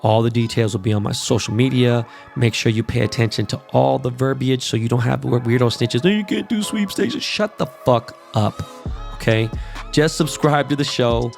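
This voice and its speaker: A man's voice: medium pitch, moderate pace, vocal fry, soft background music. A man hosting a podcast, ranting casually and profanely about basketball and plugging events. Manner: profane, animated sports rant. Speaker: podcast host.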